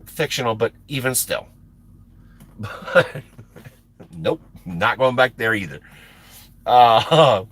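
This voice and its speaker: This American man, a trucker and live-stream host, spins a casual story on his stream, animated, swearing, and laughing frequently. He has a mid-range voice and talks slowly, pausing often.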